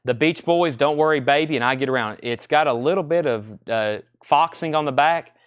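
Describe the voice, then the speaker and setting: A man's voice: fairly high pitch, a little fast, clear, resonant tone, no room sound. A man running a live record sale, rattling off titles and prices with chatty asides. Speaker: record seller. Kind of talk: live sale stream, casual selling.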